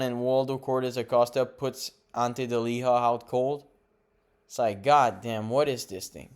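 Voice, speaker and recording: A man's voice: mid-range voice, darkish tone, clean tone. A young man hosting a casual fight recap, rambling, correcting himself and giving blunt opinions. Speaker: MMA podcast host.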